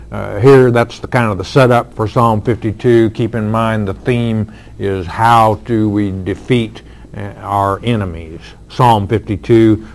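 Slow, low-voiced male preacher. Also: a little mellow. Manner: earnest, slow, with fillers and emphatic lines. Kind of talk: expository sermon.

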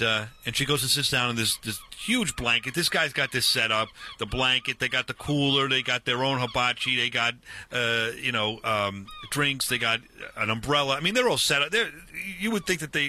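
A man in his fifties casually telling a long story, animated and full of restarts, acting out the dialogue. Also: medium pitch, brisk, few pauses, slight background noise.

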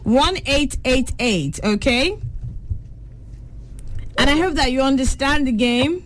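A young Nigerian woman hosting a call-in spelling quiz, saying each word slowly and clearly. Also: sits high, expressive, a little hiss or hum. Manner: pronounces quiz words slowly and deliberately. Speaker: radio quiz host.

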